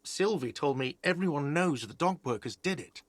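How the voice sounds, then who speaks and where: Sarcastic game innkeeper, curt, dry sound. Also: male voice, a little high, expressive, moderate pace, no echo. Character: irritable, sarcastic male hostel manager. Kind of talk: game voice acting.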